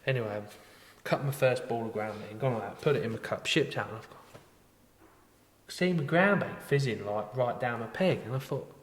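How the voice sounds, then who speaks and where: A man's voice: medium pitch, fairly quick, slight background noise. A man co-hosting a casual podcast, telling rambling stories full of fillers and restarts. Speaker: podcast co-host, tackle shop worker. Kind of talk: casual chat. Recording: echoey room with long reverb.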